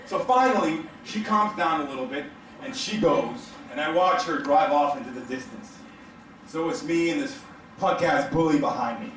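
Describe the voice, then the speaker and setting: A man doing stand-up comedy to a live crowd, telling a story in an animated, profane way and laughing through his lines. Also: a little high, moderate pace, slight background noise. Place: hotel event room stage. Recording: echoey room, mic heard from a distance.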